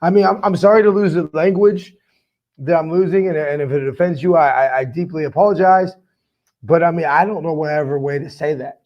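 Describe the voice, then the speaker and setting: A man's voice: a little high, dull audio. Fired-up man ranting on a sports podcast. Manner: fired up, profane, rambling. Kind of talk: casual fan commentary.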